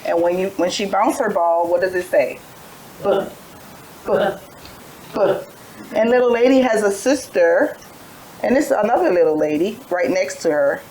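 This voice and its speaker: A woman's voice: medium pitch, lively intonation, moderate pace, darkish tone, slight background noise, rough recording. A tired woman teaching a phonics lesson to young children, telling little stories with letter sounds in a patient sing-song way. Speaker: preschool teacher.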